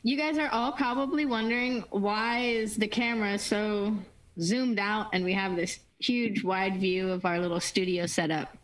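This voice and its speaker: A woman's voice: medium pitch, fairly even intonation, normal speed, low-quality recording. A woman hosting a livestream, chatty and upbeat in casual talk. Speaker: host. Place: small studio.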